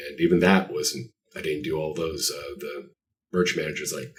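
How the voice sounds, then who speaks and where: A man with a very low voice tells rambling, self-deprecating stories as a podcast guest. He sounds set back from the microphone. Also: fairly even intonation, normal speed. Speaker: guest artist. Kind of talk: casual podcast interview. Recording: voice distant from the mic.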